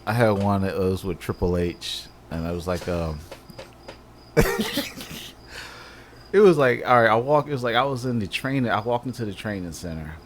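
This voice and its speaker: A man co-hosting a casual podcast, telling a story in lively fashion and acting out every quote with "I'm like". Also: lowish voice, normal speed, pauses often. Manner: animated storyteller, acts out quotes with many "I'm like". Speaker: podcast co-host. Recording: faint background noise, live stream audio.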